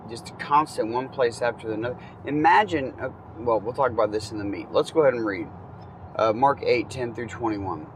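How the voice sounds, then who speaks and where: A man teaching from the Bible in a relaxed, conversational way, reading passages and adding casual asides. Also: medium pitch, background noise.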